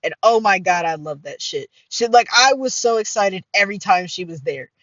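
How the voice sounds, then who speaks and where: A middle-aged woman hosting a casual solo podcast, excitable and full of fillers and swearing. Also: medium pitch, normal speed, no echo, lo-fi sound. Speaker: podcast host.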